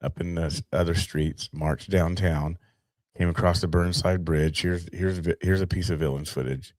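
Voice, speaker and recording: A man's voice: deep voice, steady tone, moderate pace, darkish tone, dry recording. A man casually commenting on footage during a live stream, rambling and restarting his sentences.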